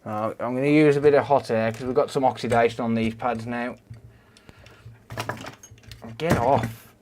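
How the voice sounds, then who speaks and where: A man with a Black Country accent chatting casually with viewers during a repair livestream, relaxed and matey. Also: medium pitch, moderate pace, slight background noise. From Dudley, West Midlands, England. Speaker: repair streamer.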